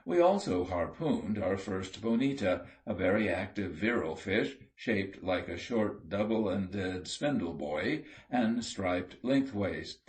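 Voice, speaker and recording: A man reading an audiobook sea story aloud in a steady, measured storytelling manner. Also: low-pitched. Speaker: audiobook reader. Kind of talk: scripted narration.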